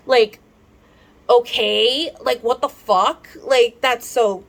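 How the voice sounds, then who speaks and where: A woman's voice: fairly high pitch, drawn-out words, long pauses, fairly bright tone. A young woman vlogger ranting heatedly to her camera, swearing often and rambling with lots of fillers and restarts. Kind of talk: unscripted rant to camera.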